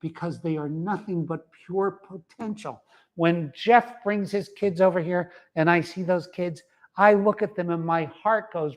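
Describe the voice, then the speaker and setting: A man's voice: high voice, measured pace. A middle-aged man giving a motivational talk, emphatic and repetitive, dropping in frequent uh-huh asides. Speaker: wellness center founder giving a talk.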